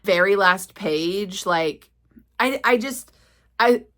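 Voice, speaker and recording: A woman vlogging about a book she is reading, chatty and a little rambling. Her voice sits at a middle pitch and she pokes fun at herself as she talks. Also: animated, slow pace, fairly bright tone. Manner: chatty, self-mocking, rambling. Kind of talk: casual vlog reading diary.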